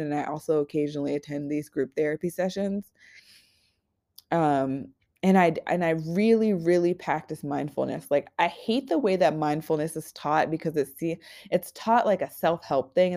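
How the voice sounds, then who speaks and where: A podcast host in her twenties delivers a raw, candid personal monologue full of halting restarts and frank swearing. Her voice sits low and sounds mellow.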